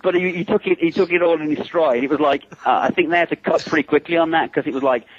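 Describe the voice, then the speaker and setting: English guest, middle-aged, chatty raconteur on a phone line; husky, dry sound. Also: male voice, a little high, fast, no room sound. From England. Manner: lively anecdotes, acts out quotes, laughs often. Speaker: guest, special effects makeup artist. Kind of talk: casual phone interview storytelling.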